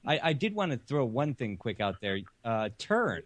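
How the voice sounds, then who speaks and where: A man's voice: medium pitch, big pitch swings, normal speed, no echo. An easygoing male co-host with a plain mid-range voice and a close, dry sound. He asks his questions casually, tripping over a word now and then. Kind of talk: casual radio interview.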